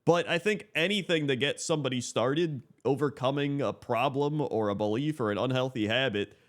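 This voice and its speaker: Man, mid-pitched, easygoing reaction host who thinks aloud and keeps asking "right?". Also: moderate pace, a bit bright. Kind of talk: casual reaction commentary.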